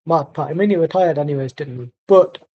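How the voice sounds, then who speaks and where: A man's voice: fairly high pitch, fast talker, dull audio. A man streaming a football watchalong who rants angrily and sarcastically while reacting live to the match. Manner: angry, sweary, sarcastic. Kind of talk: live match commentary and rant.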